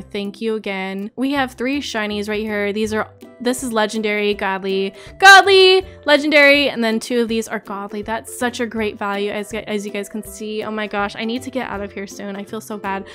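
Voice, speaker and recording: A young woman doing gameplay commentary as a YouTuber, excitable and gushing, often apologetic. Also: mid-range voice, normal speed, faint music behind. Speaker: gaming YouTuber.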